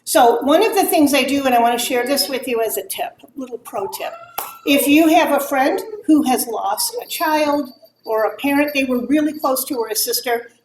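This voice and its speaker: A middle-aged woman addresses a mothers' group about grief, speaking openly and animatedly while acting out other people's remarks. Her voice sits high at a normal speed. There's a little hiss or hum, with faint ambience in an echoey room.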